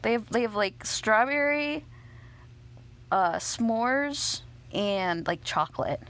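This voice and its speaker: A playful woman hosts a casual game stream, her voice a touch high and swinging widely up and down. She teases and jokes easily, keeping the chat light. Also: expressive, slow, fairly bright tone. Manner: playful, teasing, jokey. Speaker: host. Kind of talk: casual chat while playing a mobile game.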